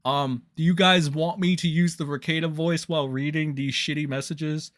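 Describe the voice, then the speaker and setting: Bright-voiced, exasperated swearing streamer man. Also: on the high side, fairly even intonation, normal speed. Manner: profane, exasperated, rambling. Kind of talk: live stream reaction commentary.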